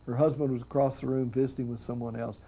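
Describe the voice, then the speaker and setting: Mellow-voiced man, earnest and reflective. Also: mid-range voice, flat delivery, fast. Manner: earnest, reflective, often drops soft and quiet. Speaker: minister speaking on hospice and grief. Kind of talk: storytelling talk.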